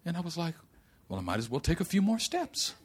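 A man preaching a sermon who mixes loud exhortation with chatty personal stories told through laughter, while recovering from vertigo. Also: fairly high pitch, wildly swooping pitch, fairly quick, slightly rough. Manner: shouting exhortation, then laughing personal storytelling. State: recovering from vertigo, easily winded. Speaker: pastor.

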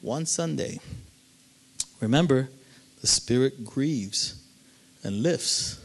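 A male pastor telling a story in a sermon, animated and swinging between loud and hushed. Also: medium pitch, slow pace, breathy edge.

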